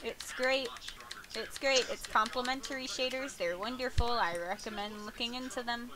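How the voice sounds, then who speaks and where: A woman's voice: fairly high pitch, moderate pace, a crowd in the background, low-quality recording. Giggly young woman chatting over a game. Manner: chatty, giggly, addresses viewers. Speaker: gaming channel host. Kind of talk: casual gaming chat with friends.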